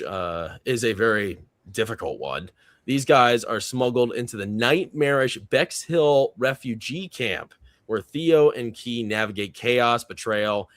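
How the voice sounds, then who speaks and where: A man's voice: medium pitch, dry recording. A man hosting a casual panel chat, rambling a bit, chuckling often and reading out viewer comments. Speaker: panel host.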